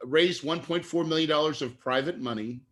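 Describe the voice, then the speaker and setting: A middle-aged man with a bright, forceful, somewhat high voice tells his story as an interview guest. He is earnest and animated and gets choked up at times. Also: fairly quick, slight background noise. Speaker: guest investor.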